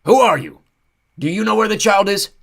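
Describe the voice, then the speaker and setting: A man's voice: high-pitched, animated, moderate pace, gravelly, voice pushed up, exaggerated voice. A man voicing a male centaur tracker who is frantic, blunt and fixated on following a scent.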